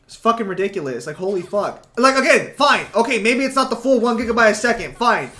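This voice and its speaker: Talking quickly in a high, animated, bright voice with a forceful tone, a young man chats casually to viewers while streaming games from home. He rambles, leans on fillers and swears constantly.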